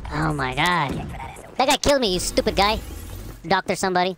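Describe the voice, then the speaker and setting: A woman giving loud, casual commentary over her own gameplay, swearing often and laughing at her own deaths. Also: on the low side, very animated, fairly quick, creaky, long pauses, a little hiss or hum. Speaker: gamer, channel host. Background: game gunfire and explosions.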